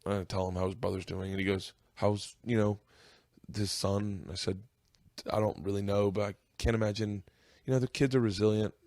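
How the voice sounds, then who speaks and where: A man's voice: little pitch movement, brisk, a little mellow, no echo, clean studio sound. Man telling a story that chokes him up. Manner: emotional, voice rising high as he tears up. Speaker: podcast host. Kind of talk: storytelling in casual podcast chat.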